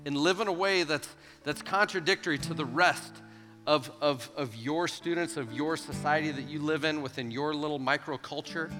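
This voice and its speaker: Animated preaching man in a reverberant hall. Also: a little high, moderate pace. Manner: animated, emphatic, acting out quotes. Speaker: youth pastor. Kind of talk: sermon. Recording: long hall reverb with soft guitar.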